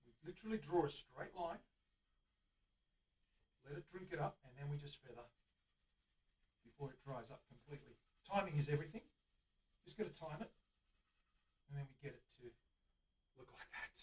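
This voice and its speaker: A man's voice: fairly high pitch, lively intonation, moderate pace, long pauses, darkish tone, distant mic. A middle-aged man with an Australian accent, hosting a live-streamed workshop demonstration and chatting eagerly to viewers while he works. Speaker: luthier host. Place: guitar workshop. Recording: voice from away from the mic.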